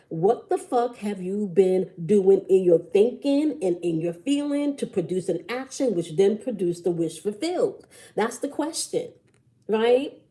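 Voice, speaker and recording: A woman tarot reader speaks to her live-stream viewers in a mellow, warm voice. She is blunt and preachy, swears casually and keeps checking in with "okay?" and "right?". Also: mid-range voice.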